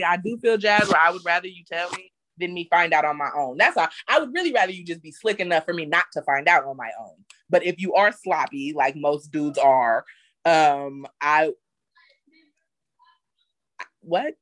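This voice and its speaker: A woman's voice: fairly low pitch, lively intonation, moderate pace, fairly bright tone, no echo. A woman co-hosting a casual chat, speaking candidly in slangy, rambling talk.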